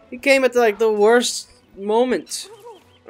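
A channel host giving casual gameplay commentary, excitable and jokey, swearing and talking to the game's creatures. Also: medium pitch, moderate pace, faint music behind.

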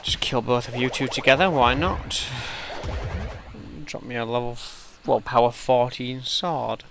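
A man giving chatty let's play commentary as he plays, thinking aloud and getting easily excited. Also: mid-range voice, unhurried, gravelly, slight background noise. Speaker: gamer.

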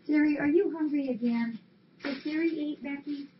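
A woman's voice: high voice, moderate pace. Woman cooing at rescue cats. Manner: coos affectionately at cats. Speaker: cat rescue volunteer. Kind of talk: casual live-stream chat. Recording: dull lo-fi stream audio, faint hiss.

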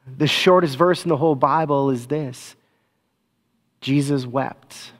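A man serving as pastor, giving church announcements and a gentle, slow children's talk with a prayer. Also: medium pitch.

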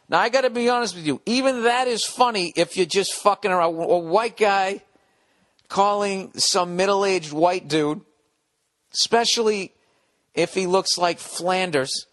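A man's voice: sits high, measured pace, fairly bright tone. A man hosting a comedy podcast, rambling through a listener email with profane, sardonic asides. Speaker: podcast host. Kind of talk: comedic solo podcast rant.

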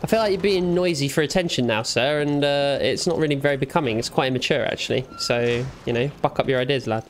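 A man's voice: medium pitch, quick pace, slight background noise. A young man giving playful let's play commentary, teasing and talking back to the game's characters. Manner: jokey, teasing, talks back to game characters. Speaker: gamer.

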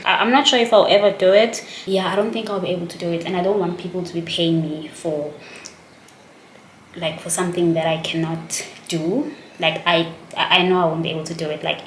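A woman's voice: fairly low pitch, fairly bright tone, a little hiss or hum. Chatty woman in an echoey room. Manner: rambling, self-conscious, chatty. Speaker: vlogger. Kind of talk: casual vlog chat to camera.

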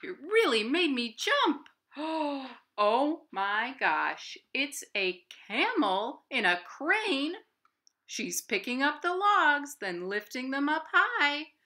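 Lady doing storytime at home, super animated, gasps a lot, slow and bright. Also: sits high. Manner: animated, gasping, playful sound effects. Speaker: library storytime host. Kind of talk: reading a picture book aloud to children. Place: her home.

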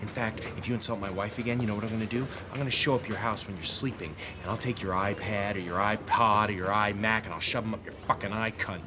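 A man's voice: on the low side, fairly even intonation, quick pace, few pauses, background noise, lightly acted. An actor playing a father in his forties who unloads crude swearing tirades, then backpedals defensively. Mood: hostile. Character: fortyish father losing his temper, crude. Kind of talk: film comedy acting.

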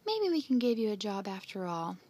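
A woman's voice: medium pitch, very animated, brisk, a little mellow. Woman reading as a kindly circus ringmaster. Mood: reassuring. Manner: reassuring, coaxing.

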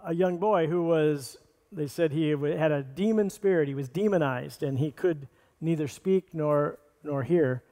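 A man preaching in an earnest, plainspoken way from the pulpit. His voice sits somewhat high for a man, and a long reverb from the church hall trails his words. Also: darkish tone. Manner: earnest, plainspoken preaching with restarts and scripture readings. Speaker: pastor. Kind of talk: sermon. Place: church sanctuary.

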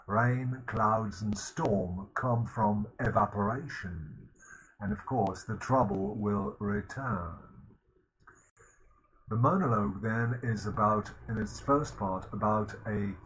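A man giving a recorded university literature lecture, explaining in a measured way and stopping to gloss words. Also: lowish voice, a bit bright, slight background noise, rough recording.

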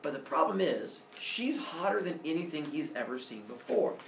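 A man's voice: on the high side, big pitch swings, normal speed, gravelly, slight background noise. A man teaching a class, retelling a myth in a playful, jokey way. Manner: playful, jokey, laughing often. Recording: echoey classroom from far off.

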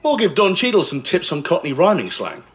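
A man with a high voice narrates a scripted countdown. His delivery swings up and down as he mocks his subjects with dry sarcasm. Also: huge pitch swings, fairly quick, fairly bright tone, soft background music. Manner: sarcastic, mocking. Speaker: list video narrator.

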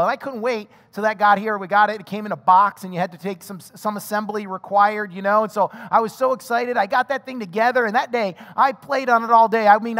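High-voiced pastor preaching in a hall. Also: male voice. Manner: animated, chatty, addresses the congregation with questions. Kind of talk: sermon with personal storytelling. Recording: long hall reverb.

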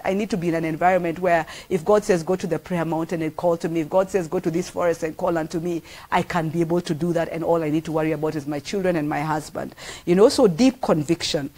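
A woman's voice: fairly low pitch, darkish tone. A middle-aged woman with a Kenyan accent delivers a sermon. She talks earnestly and with emphasis, and she repeats phrases to drive each point home. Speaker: pastor.

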